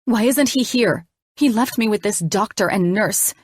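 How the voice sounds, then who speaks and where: A woman voicing a frightened, combative young woman patient, pleading in a shrill, desperate voice. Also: a little slow, breathy edge, no echo, clean studio sound. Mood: panicked, shrill.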